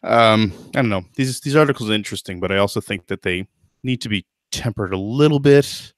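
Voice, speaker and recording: A man's voice: fairly low pitch, a little fast, no echo, studio quality. A man hosting a podcast in casual chat, thoughtful and hedging, with lots of fillers and restarts. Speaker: podcast host.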